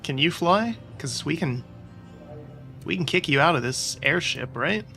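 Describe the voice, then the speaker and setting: A man's voice: on the high side, lively intonation, a little slow, gravelly, bright, forceful tone. A man doing casual let's-play commentary, making sarcastic, joking asides as he plays. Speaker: gaming YouTuber. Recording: game audio with music behind.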